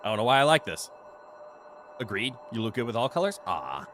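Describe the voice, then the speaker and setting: Goofy, bright-voiced man streaming a game. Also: medium pitch, very animated, faint music behind. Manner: goofy, playful, quick laughs. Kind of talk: casual gameplay commentary.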